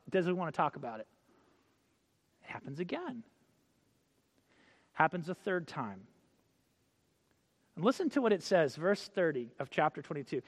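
High-voiced preacher in a reverberant hall. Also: male voice, sing-song. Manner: storytelling, acts out quotes, reads scripture slowly. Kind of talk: sermon with scripture reading.

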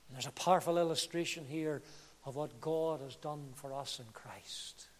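High-voiced preacher in an echoing hall. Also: male voice, moderate pace. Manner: impassioned, swinging between hushed and loud. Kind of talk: sermon. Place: church. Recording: reverberant church hall.

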